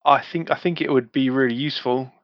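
A man's voice: medium pitch, fairly even intonation, fast talker, no echo. A man playing a tabletop game, easygoing and often stumbling over his words. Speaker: player. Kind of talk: casual tabletop banter. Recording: dry, dull lo-fi mic.

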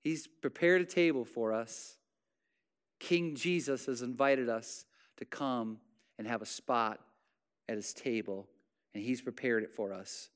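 A man preaching a sermon with passion, rising to loud exclamations and then dropping to hushed, soft phrases. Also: medium pitch, unhurried, clean tone. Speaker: pastor.

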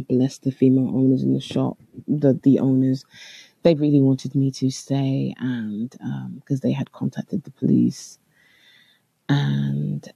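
A speaker, earnestly telling a personal story in a halting way with frequent restarts. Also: mid-range voice, creaky, warm tone, slightly rough, dry recording, lo-fi sound. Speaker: storyteller recounting a personal experience. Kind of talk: first-person spoken account.

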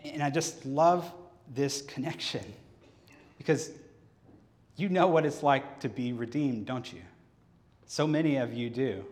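A man preaching a sermon on a microphone in a church sanctuary during a service, telling a scripture story and acting out its dialogue. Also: medium pitch. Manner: animated storyteller who acts out the scripture dialogue. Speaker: pastor. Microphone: handheld or headset microphone. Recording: reverberant church hall.

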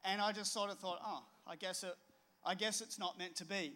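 A man's voice: high-pitched, fairly even intonation, a little fast, bright, forceful tone. A middle-aged man, preaching a sermon with a conversational, storytelling manner. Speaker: pastor.

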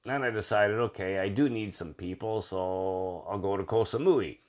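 Rambling, swearing Canadian man, lowish voice. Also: normal speed. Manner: rambling, swears freely, many fillers. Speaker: guest telling travel stories. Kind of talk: casual storytelling chat.

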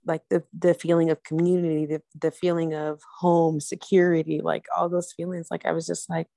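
A young woman talking in an easygoing, rambling way, full of fillers. Her fairly low, mellow voice has a gravelly fry, recorded close and dry. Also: flat delivery, moderate pace, no room sound. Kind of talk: casual conversation.

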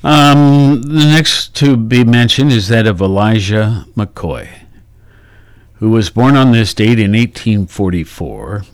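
A man's voice: fairly low pitch, expressive, no room sound. A man co-hosting a casual radio show, reading date facts aloud and thinking aloud as he goes. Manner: unhurried, thinks aloud with ums and let's-sees. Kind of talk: casual radio chat, reading on-this-day items.

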